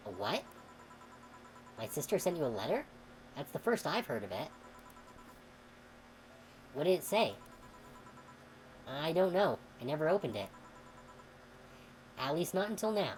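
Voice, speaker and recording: A woman streamer reading a game's dialogue aloud, expressive and sometimes heated. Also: low-pitched, moderate pace, pauses often, slight background noise, rough recording. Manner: expressive, swings into heated outbursts when reading.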